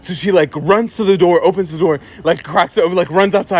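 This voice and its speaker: A man from Egypt telling a story in a chatty, animated way, filling his speech with "like" and "right?". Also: high voice, quick pace. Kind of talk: casual storytime vlog.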